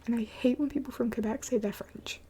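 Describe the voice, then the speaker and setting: A woman's voice: fairly high pitch, fairly even intonation, a little fast, mellow, husky. A young adult woman streaming live late at night, mostly whispering as she answers chat in a blunt, swearing way.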